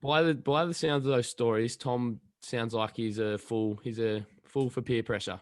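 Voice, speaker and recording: Male podcast host; casual, brief questions, middle pitch, dead-dry room. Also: fairly even intonation, moderate pace, no echo. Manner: short prompting questions. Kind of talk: casual interview chat.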